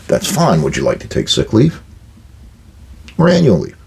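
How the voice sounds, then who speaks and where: Blunt older man, low husky voice. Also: big pitch swings, a little slow, darkish tone. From United States. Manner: blunt, direct, plainspoken; acts out quoted exchanges with workers. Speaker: podcast host giving management advice. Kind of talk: blunt advice monologue.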